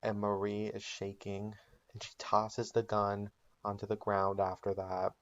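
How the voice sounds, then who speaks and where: Low voiced guy rambling thru a made-up comedy recap, ums and likes, muffled lo-fi sound. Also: completely flat delivery, measured pace. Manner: casual storytelling with ums and likes. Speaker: channel host.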